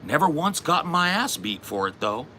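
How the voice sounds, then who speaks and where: A man's voice: a little high, sing-song, normal speed, sharp tone, a little hiss or hum. A man hosting a comedy show, taunting and profanely ranting in an aggressive, confrontational way. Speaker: comedy podcast host. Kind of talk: aggressive comic rant.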